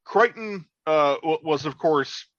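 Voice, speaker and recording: Halting, profane man on a podcast. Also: a little high, animated, a bit bright, no echo, muffled recording. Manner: enthusiastic, profane, halting with fillers. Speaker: podcast co-host. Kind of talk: casual chat.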